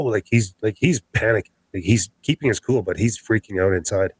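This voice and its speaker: A man's voice: fairly low pitch, a little fast, breathy edge, dry recording, poor audio. A man telling a tense story of his own encounter as a podcast guest, acting out the voices of what was said. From Canada. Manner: animated, acts out quoted dialogue.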